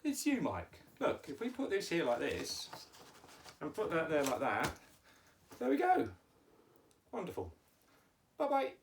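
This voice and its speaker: A man's voice: on the high side, huge pitch swings, moderate pace, distant mic, a little hiss or hum. A man hosting a playful children's lesson on shapes, patient and teacherly with exaggerated emphasis. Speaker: children's educational host. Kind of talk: playful kids' lesson with puppets.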